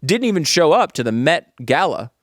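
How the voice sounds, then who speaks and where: A man's voice: big pitch swings, normal speed, no room sound, studio quality. A man co-hosting a casual comedy talk podcast, joking around and reading a sponsor ad. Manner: bouncy, often jumps high in pitch when joking. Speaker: co-host. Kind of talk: casual comedic chat with ad read.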